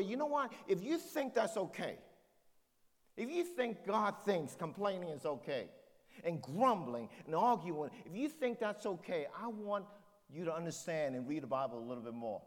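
A man's voice: sits high, in a large hall. A man preaching a sermon as pastor, driving points home with rhetorical questions.

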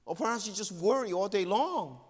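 A male pastor preaching a sermon with earnest emphasis, dropping to hushed tones and rising again. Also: animated, brisk. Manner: earnest, swings between loud emphasis and hushed low tones. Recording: long hall reverb.

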